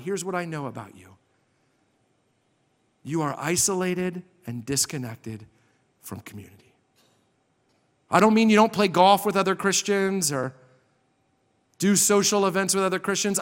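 A male pastor preaches with a fairly high voice, pressing hard on key words and then dropping to a near hush. His sermon rings out in a church sanctuary with a long, lingering reverb. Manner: impassioned, swings from loud emphasis to soft hush.

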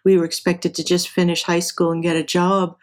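A woman's voice: lowish voice, level tone, a little fast. A middle-aged woman from Southern California, telling stories from her career as an interview guest. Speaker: interview guest, engineer and professor. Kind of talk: casual storytelling.

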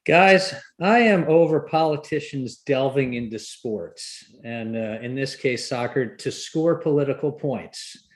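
A man's voice: mid-range voice, measured pace, few pauses. A man from the United States co-hosting a podcast, giving sardonic, indignant commentary in casual chat. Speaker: podcast co-host.

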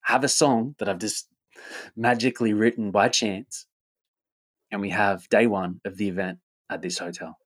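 A man talking about his upcoming event in an energetic, casual monologue, often repeating himself, swearing and tagging "right?" on his lines. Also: fairly low pitch, moderate pace. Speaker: event host and rapper.

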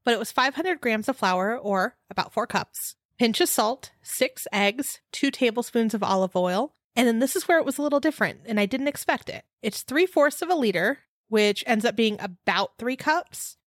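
A woman's voice: a little high, expressive, normal speed, hardly any pauses, no room sound, studio quality. A woman co-hosting a casual podcast chat, laughing often as she talks. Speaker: podcast co-host.

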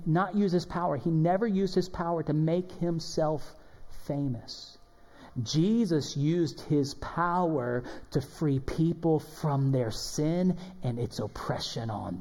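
A man preaching a sermon as pastor, animated and emphatic, acting out the people in the passage. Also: fairly high pitch. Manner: animated, emphatic preaching with dramatic quoted voices. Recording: long hall reverb.

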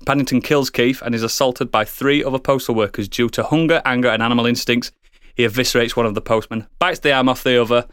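A man co-hosting a comedy podcast, swearing and laughing as he pitches a story. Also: a bit bright, clear, resonant tone, dry recording, studio quality.

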